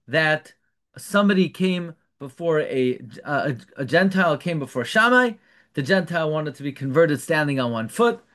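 A man's voice: a little high, fairly bright tone. A man giving a Torah lecture, translating Hebrew phrases and firing off rhetorical questions. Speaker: rabbi teaching Torah class.

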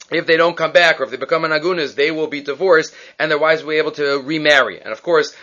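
Man retelling a story, lively and quick. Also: fairly high pitch. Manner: animated, quick, frequent restarts and self-corrections. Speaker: Torah teacher. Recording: dull lo-fi recording.

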